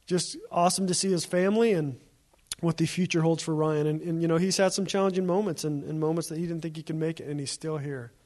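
A man's voice: on the high side, fairly even intonation, fast, darkish tone. A man preaching a sermon as a pastor, in a conversational storytelling way with repeated phrases.

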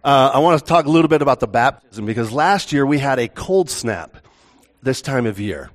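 A man's voice: mid-range voice, sing-song, moderate pace. A male pastor opening a sermon in a church, joking and chatting with the congregation before the teaching. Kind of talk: relaxed sermon with banter.

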